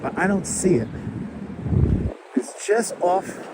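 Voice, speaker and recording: High-voiced man streaming on a city walk. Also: expressive, slow. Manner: chatty, talks to passing animals and viewers. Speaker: live-stream host. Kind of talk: casual walking live stream. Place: outdoors on a city street at sunset. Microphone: wireless clip-on mic. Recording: outdoor street traffic noise.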